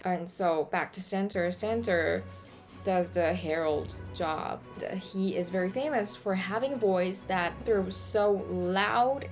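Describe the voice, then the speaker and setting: Slow, chatty young woman giving a class report. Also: mid-range voice. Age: young adult. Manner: chatty, informal, many fillers and asides. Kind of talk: casual spoken class presentation.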